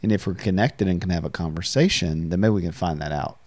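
A man with a very low, mellow voice hosts a podcast conversation. He talks reflectively and often circles back over his own words. The sound is close and dry. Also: quick pace, no echo. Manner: reflective, repeats words as he speaks. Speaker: podcast host and counselor. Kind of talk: casual conversational podcast talk.

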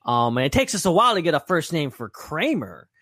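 A man co-hosting a podcast in casual chat, talking in an excitable, rambling way. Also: on the high side, a little fast, no room sound, studio quality. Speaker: podcast co-host.

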